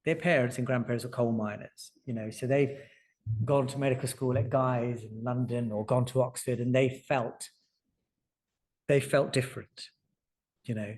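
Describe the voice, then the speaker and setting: A man in his forties talks about his career in surgery and tells stories. He acts out the voices of the people in them and keeps the pace lively. His voice sits at an everyday middle pitch. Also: normal speed. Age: 40s. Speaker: surgeon and author. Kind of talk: conversational storytelling. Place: lecture hall.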